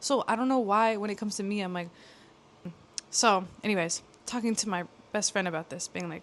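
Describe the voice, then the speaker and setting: A woman's voice: mid-range voice, fairly quick, a little hiss or hum. A young woman vlogging in a casual, candid way, rambling with lots of fillers as she talks to the camera. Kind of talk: casual confessional vlog.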